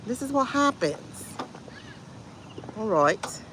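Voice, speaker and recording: A woman's voice: a little high, very animated, slow, long pauses, noisy background. A woman hosting a casual livestream, chatting in a rambling, playful way with lots of asides. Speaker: livestream host.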